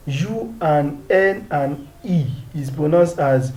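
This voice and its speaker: A man's voice: fairly high pitch, slow, few pauses, a little mellow. A man from Nigeria teaching a video lesson, patiently repeating each sound and asking the viewer questions. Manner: asks the viewer questions and answers them. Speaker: French teacher.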